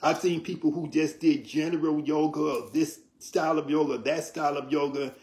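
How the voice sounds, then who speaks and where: A man teaching about yoga in an interview, in a measured, explanatory way, often checking in with "right?". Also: fairly high pitch, fairly even intonation, a little mellow. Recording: roomy echo.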